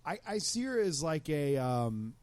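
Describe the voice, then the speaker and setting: A man's voice: on the high side, big pitch swings, unhurried, darkish tone. A man co-hosting a podcast, chatting casually in a rambling, hesitant way, often restarting his phrases. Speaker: podcast co-host. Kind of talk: casual chat.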